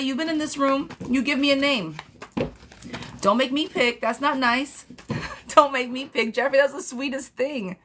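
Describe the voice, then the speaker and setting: A woman's voice: unhurried, a little hiss or hum. Sassy blunt woman reading tarot live. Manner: blunt, sassy, addresses viewers as girlfriend; bursts into high excited gushing. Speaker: tarot reader hosting a live stream.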